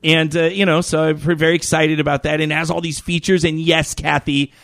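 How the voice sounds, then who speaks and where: High-voiced rambling man in his fifties. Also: fairly quick, dry recording, clean studio sound. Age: 50s. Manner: animated, profane, rambling with many fillers. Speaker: radio show regular. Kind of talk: casual storytelling on a talk show.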